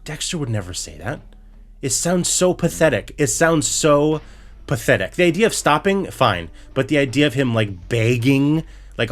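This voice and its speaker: A man's voice: medium pitch, lively intonation, moderate pace, a bit bright. A man co-hosting a podcast, recapping a show in a profane, exasperated rant full of restarts. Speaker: podcast co-host.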